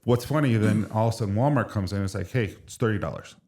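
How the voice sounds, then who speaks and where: A man's voice: lowish voice, quick pace, dark tone. Candid man telling a heartfelt story. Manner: candid, emotional storytelling with many restarts. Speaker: podcast guest, brand co-founder. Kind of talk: casual chat.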